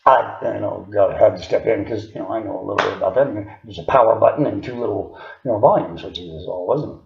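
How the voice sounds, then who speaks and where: A man's voice: lowish voice, fast, gravelly, a little hiss or hum. A man casually telling a personal story in a rambling way, full of fillers and chuckles. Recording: echoey, dull lo-fi room sound.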